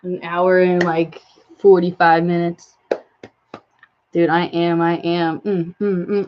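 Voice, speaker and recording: A woman's voice: on the low side, level tone, unhurried. A woman talking casually to viewers on a live stream, rambling with many fillers and asides. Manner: rambling, filler-heavy, talks to viewers and her cat. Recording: slightly dull lo-fi stream audio.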